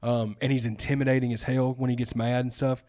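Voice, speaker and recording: A man's voice: medium pitch, little pitch movement, fairly quick, mellow. A man co-hosting a podcast, talking in an easygoing, casual way, full of fillers and "dude". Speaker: podcast co-host. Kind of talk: casual chat.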